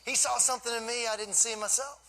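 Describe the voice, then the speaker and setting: A man in his fifties giving an animated, folksy storytelling speech to a live audience as a guest speaker. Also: very high-pitched, fast, poor audio.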